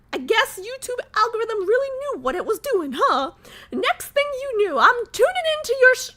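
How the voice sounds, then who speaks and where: High squeaky put-on voice, gushing fan reading a letter, goofy exaggerated accent, done by a woman. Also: pushed and bright, heavily acted. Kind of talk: reading a viewer message aloud in a silly voice.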